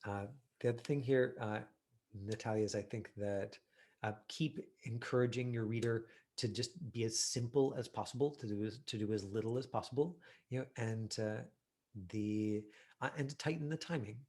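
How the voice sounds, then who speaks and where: A man's voice: medium pitch, normal speed, darkish tone. Chatty male acting teacher, full of fillers. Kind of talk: online acting class, reviewing a self-tape.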